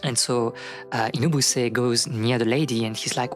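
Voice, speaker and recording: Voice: mid-range voice, moderate pace, soft background music. A streamer casually retelling a folk tale, rambling with many fillers and acting out the quotes.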